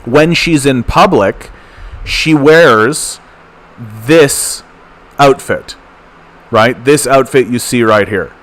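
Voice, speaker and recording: A man's voice: medium pitch, fairly bright tone. Ranting male livestream commentary host. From Canada. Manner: fast, ranting, repetitive with stammers.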